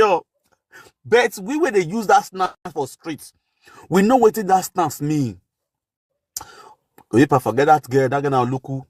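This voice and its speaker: A man from Benin City with a Nigerian Pidgin accent, telling street stories in a lively, animated way. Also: fairly high pitch, no room sound, studio quality. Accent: Nigerian Pidgin, Edo (Benin City). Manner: animated storyteller, shouting catchphrases, laughing. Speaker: talk show guest. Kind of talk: casual street talk.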